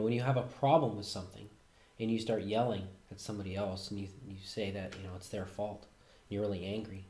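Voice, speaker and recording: A man with a fairly low voice gives a calm, reflective self-help talk. His phrases trail off softly at the ends. The sound is roomy and echoey. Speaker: host. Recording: roomy echo.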